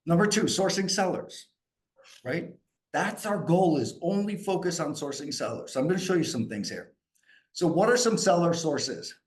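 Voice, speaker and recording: A man from New York coaching a group live, energetic and asking the group questions. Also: on the high side. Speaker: sales coach.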